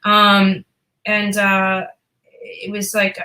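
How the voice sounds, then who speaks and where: A chatty woman in her fifties from Boston tells stories as a guest on a podcast. Her voice is bright and ringing. She jokes about herself and swears casually. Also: mid-range voice, monotone, drawn-out words, low-quality recording. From Boston, USA. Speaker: actress guest. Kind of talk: casual interview chat.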